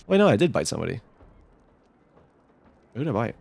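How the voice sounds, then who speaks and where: A man streaming live and reacting to his game in quick, exclamatory bursts, often scolding himself. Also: medium pitch, very animated, creaky, a little mellow, breathy edge. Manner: reactive, exclamatory, self-critical. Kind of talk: live gameplay commentary.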